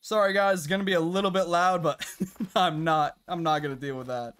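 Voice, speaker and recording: A man streaming a hunting game live, chatting to viewers and reacting out loud to what happens on screen. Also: on the high side, steady tone, a little fast, clean tone. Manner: chatty, reacts loudly with laughs and gasps. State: out of breath at times. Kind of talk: live gameplay commentary.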